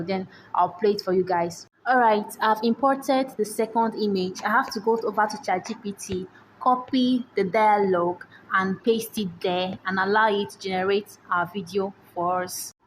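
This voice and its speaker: A woman, hosting a screen-recorded software tutorial and often checking in with rhetorical questions. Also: medium pitch, slight background noise, poor audio. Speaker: tutorial host. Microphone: voice-over on screen recording.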